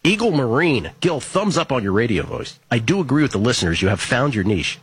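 A man's voice: mid-range voice, sing-song, background noise. A man hosting a sports betting show, reading listener tweets aloud in a casual, wry, joking way. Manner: wry, joking, reads names and stats quickly.

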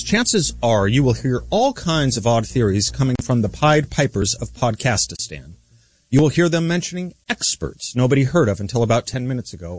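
A commentator man delivers a scripted opinion piece in a measured, lecturing way. His voice is slightly husky and moves through a wide pitch range. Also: dry recording. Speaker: political commentator.

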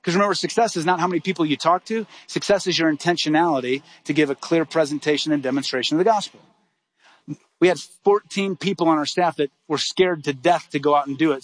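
Fast-talking, high-voiced male preacher. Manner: animated, acts out dialogue in quick bursts. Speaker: pastor. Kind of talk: sermon storytelling.

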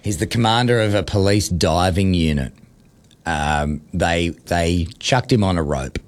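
A man hosting radio, telling a story in a playful, animated way that builds suspense. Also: low-pitched, unhurried. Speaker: radio host. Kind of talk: casual banter, storytelling.

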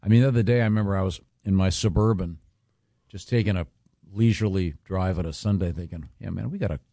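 A man hosting a morning radio show in a studio, chatting casually and pausing often with lots of uh and restarts. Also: sits low, dark tone, dry recording. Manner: halting, full of uh and restarts.

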